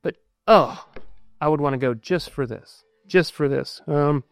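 Halting preacher man, smooth dry voice. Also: on the high side, no echo, faint music behind. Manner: halting, many ums and uhs, thinking aloud. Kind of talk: sermon reading and explaining scripture.

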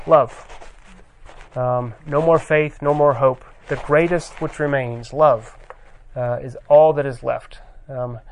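A man preaching a conversational sermon, reading scripture aloud and pausing often with fillers. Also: fairly high pitch, slight background noise.

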